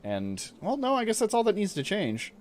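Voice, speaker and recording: A man's voice: sits high, huge pitch swings, moderate pace, a little hiss or hum. A man streaming a strategy game, chatting casually and reading game text aloud as he plays. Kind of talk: casual gameplay commentary.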